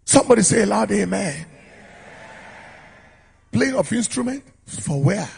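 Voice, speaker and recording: A man preaching to a congregation in a declamatory style, with a high voice that swoops widely. His tone is rough with fry and a husky grain. He drives a call-and-response with the crowd, calling them to shout amen. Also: animated, unhurried. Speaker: pastor. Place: church service with a congregation.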